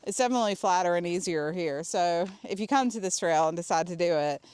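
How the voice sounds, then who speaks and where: A woman's voice: on the low side, fast, darkish tone, smooth, dry recording. A woman chatting casually on a hiking trail, laughing often and getting out of breath on the climbs. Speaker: vlogger. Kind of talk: casual hiking vlog talk. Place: outdoors on a desert trail.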